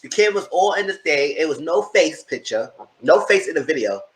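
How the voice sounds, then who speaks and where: A man chatting through a TV episode recap, talking directly to his viewers. His pitch swings a lot as he tells the story. The voice bounces around an echoey room. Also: lively intonation, fairly quick. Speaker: TV show reviewer. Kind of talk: casual recap commentary.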